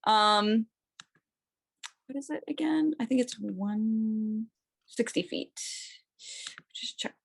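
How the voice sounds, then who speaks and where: A woman's voice: a little high, takes it slowly, vocal fry, pauses often. A woman playing a tabletop game, chatting casually with many fillers. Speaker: player.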